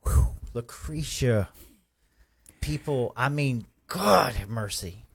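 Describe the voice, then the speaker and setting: A man hosting a live stream, giving folksy, rambling shout-outs to viewers. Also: medium pitch, animated, slow pace, vocal fry, husky. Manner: effusive, folksy, rambling with restarts.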